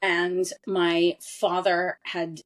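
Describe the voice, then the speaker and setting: As an interview guest on a podcast, a woman in her forties who lived abroad in Europe tells a personal family story earnestly, candidly, and emphatically. Her fairly low voice has a flat delivery and a very slow pace.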